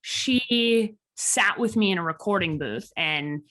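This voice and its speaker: Woman in her thirties, slight Chicago accent, animated guest storyteller, mid-range voice. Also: mid-range voice, slow. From Chicago, USA. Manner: animated, quotes people in lively voices. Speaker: podcast guest. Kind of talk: casual interview storytelling.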